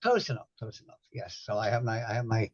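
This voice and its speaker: A man's voice: fairly low pitch, very animated, fast. An older man hosting a casual chat, rambling and repeating himself with wry humor. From Ireland. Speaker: host. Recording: dull lo-fi sound.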